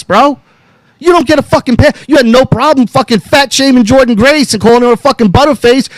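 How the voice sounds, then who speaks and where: A man's voice: extremely high pitch, no room sound, low-quality recording. A man hosting a podcast, ranting angrily and swearing constantly, all worked up. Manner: profane, angry and fired up; calls out to co-hosts by name. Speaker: podcast host. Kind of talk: heated podcast rant.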